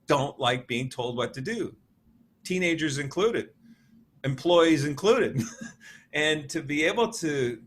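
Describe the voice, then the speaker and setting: A man in his fifties, a motivational speaker giving an interview, telling stories in a lively way and laughing often. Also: mid-range voice, slight background noise. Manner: animated storyteller, laughs often, acts out quotes. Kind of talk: conversational interview.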